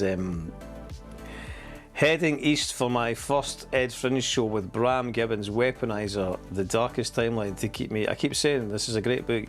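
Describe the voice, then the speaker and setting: Sweary, rambling Scottish man. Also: fairly low pitch. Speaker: streamer host. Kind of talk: casual livestream commentary.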